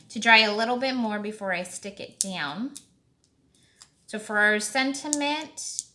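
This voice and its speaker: A woman walks through making a handmade card in an easy, chatty tutorial voice, thinking aloud as she goes. She speaks very slowly, with a bright tone. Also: a little high. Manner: slow, chatty, thinking aloud while working. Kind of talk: casual craft tutorial talk.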